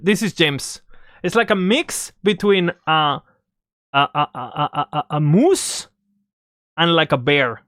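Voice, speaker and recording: Swearing, animated storytime vlogger. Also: mid-range voice, slow, no echo, clean studio sound. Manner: animated, swearing, self-interrupting with asides to viewers. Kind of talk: casual storytime.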